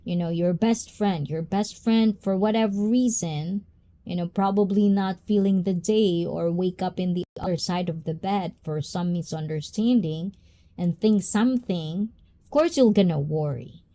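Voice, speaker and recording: Female host, slow and reflective, filler-heavy casual chat; low, mellow voice. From Japan. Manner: reflective, drawn-out, with many fillers and asides. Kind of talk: casual live-stream chat.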